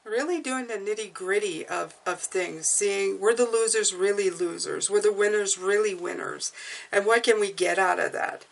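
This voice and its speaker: A woman's voice: medium pitch, normal speed, creaky. Chatty woman doing a tarot reading. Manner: chatty, restarts phrases and repeats words; reassuring, often adds "okay?". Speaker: tarot reader. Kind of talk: casual spoken tarot reading.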